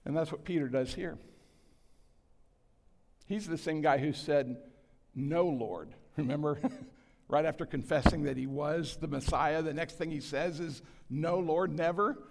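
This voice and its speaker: A man's voice: fairly high pitch, fairly even intonation, moderate pace, creaky, pauses often, a little mellow. A man in his sixties preaching a sermon to a large congregation, earnest and self-deprecating, acting out the quotes he reads. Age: 60s. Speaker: pastor. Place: church hall with a large congregation. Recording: long hall reverb.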